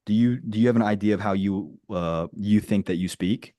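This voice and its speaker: A man coaching on a group call, talking in a direct, dry-humored, flat way and often trailing off with "right?". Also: lowish voice, moderate pace, dry recording. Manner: rambling, with many restarts and "right?" tags. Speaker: business coach. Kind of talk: casual teaching on a group call.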